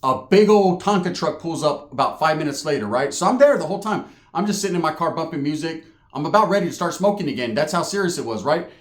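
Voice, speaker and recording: Guy ranting a comedy story, high-ish voice, swears a lot, echoey room. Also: expressive, quick pace, few pauses. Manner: profane, conversational, tags lines with "right?". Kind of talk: storytelling stand-up.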